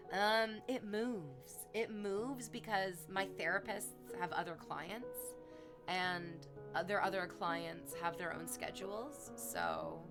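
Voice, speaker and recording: A woman livestreamer with a lowish voice chats casually to her chat, her thoughts rambling from one to the next. She gushes, sometimes slipping into cooing baby talk, while music plays clearly behind her.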